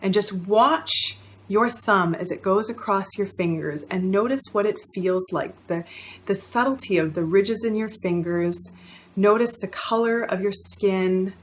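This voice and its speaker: A woman's voice: mid-range voice, a little slow, a little hiss or hum. A woman in her thirties, a counsellor, giving friendly, instructive self-help advice directly to the viewer.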